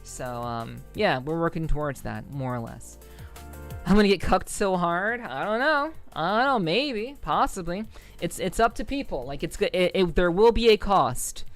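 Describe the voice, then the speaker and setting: A woman from the New York City area talks loosely to her livestream chat, wandering from thought to thought and swearing freely. Her voice is smooth and clear, broken up by frequent ums and quick laughs. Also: on the low side, animated, faint music behind. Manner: rambling, profane, full of ums and laughs. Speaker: streamer. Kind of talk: casual livestream chat with viewers.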